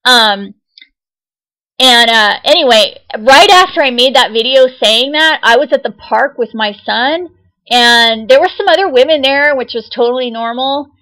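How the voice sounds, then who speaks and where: Woman, young adult, casual vlog talk, insistent, agitated, somewhat high voice. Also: animated, unhurried, pushed and bright, low-quality recording. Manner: agitated, insistent, repeats herself. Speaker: vlogger.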